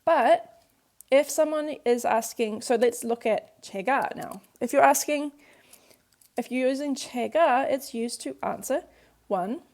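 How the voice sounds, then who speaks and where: A woman's voice: on the high side, gravelly, a little mellow. Patient woman teaching Korean grammar. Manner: patient, explains step by step with examples. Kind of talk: grammar lesson explanation.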